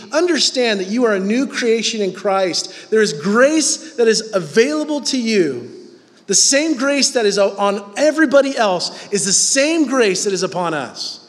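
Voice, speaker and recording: A man's voice: high voice, very animated, unhurried, big-room sound. A man preaching a sermon in a conversational, emphatic way.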